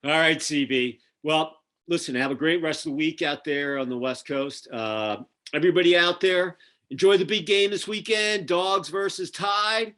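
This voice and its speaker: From his home near Atlanta, a podcast host with a Philadelphia accent runs a casual video-call interview, chatty and rambling with lots of fillers. His voice is a little high and fairly bright, at a normal speed.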